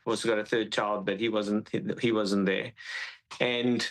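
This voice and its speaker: A man recounting his experience in an interview, halting and repeating himself as he speaks. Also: on the low side, steady tone, poor audio. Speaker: witness describing an attack. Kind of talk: interview account.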